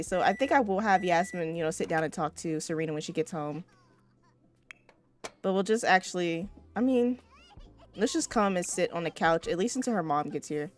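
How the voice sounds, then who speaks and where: A woman's voice: on the low side, lively intonation, normal speed, soft background music. A woman giving casual, chatty gameplay commentary, swearing freely and talking straight to her viewers. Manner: chatty, profane, addresses viewers. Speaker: let's play host.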